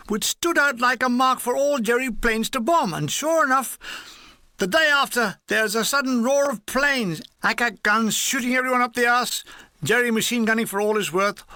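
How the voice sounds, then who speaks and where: A man narrating his own war memoir as an audiobook, with wry, comic deadpan storytelling. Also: extremely high pitch, no room sound, studio quality. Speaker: author and narrator.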